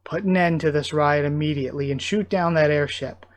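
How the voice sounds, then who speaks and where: A man's voice: on the high side, a little fast, natural voice. A man reading the lines of a stern military commander who orders the guns to fire. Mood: commanding.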